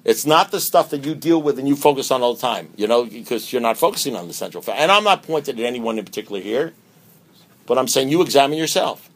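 A man giving a speaker talk at a recovery meeting, emphatic and preacher-like, with many rhetorical questions and swings between loud and hushed delivery. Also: medium pitch, animated, fast.

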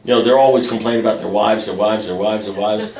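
A man's voice: fairly low pitch, fairly even intonation, fast, darkish tone, recorded from a distance. An older man telling stories at a recovery meeting in a wry, self-mocking way, with punchy jokes. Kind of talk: storytelling share at a recovery meeting. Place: meeting hall with live audience. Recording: echoey room, picked up from afar.

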